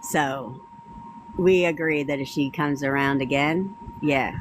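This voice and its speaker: A woman coach in her thirties tells a personal story on a live stream in a slightly low voice. She swears freely and sounds petty and gossipy. A faint noise hangs under the phone recording. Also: normal speed. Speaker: manifestation coach.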